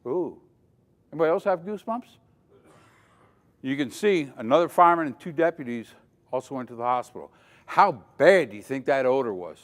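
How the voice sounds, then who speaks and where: A man's voice: mid-range voice, lively intonation, brisk. An older man giving a dramatic safety lecture at a conference, quizzing the audience as he goes. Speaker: safety trainer. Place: conference hall. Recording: long hall reverb.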